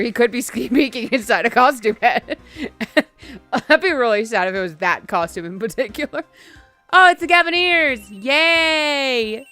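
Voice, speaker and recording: A woman's voice: mid-range voice, a bit bright. Swearing, chatty young woman streamer. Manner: crude, swearing, laughing, chatty. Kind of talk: casual gameplay commentary.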